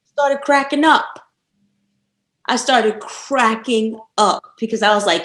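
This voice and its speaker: A woman guest on a casual podcast interview, telling stories lively and laughing often. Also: on the high side, slow, roomy sound, low-quality recording.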